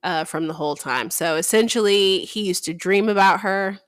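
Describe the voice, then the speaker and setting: A woman co-hosting a book podcast, retelling a plot in casual chat with lively acted-out quotes. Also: mid-range voice, moderate pace, clear, resonant tone, no room sound, clean studio sound. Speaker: podcast co-host.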